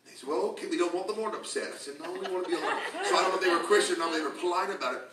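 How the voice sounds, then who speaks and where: A man preaching a sermon to a congregation, telling stories with laughter and rising to shouts. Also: sits high, racing, crowd noise. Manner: storytelling, laughing, building to shouts. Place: church sanctuary with congregation. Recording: echoey church from a distance.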